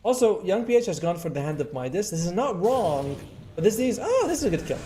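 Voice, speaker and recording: A male esports caster breaks down the game in analytical color commentary. His fairly high voice swings up and down a lot. Faint noise sits under the recording. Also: sing-song, a little fast.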